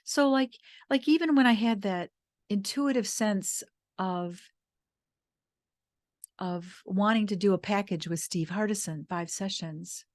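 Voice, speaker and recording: A woman guest speaker telling a personal story in a soft-spoken, earnest, reflective way. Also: medium pitch, unhurried, no echo. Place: retreat venue.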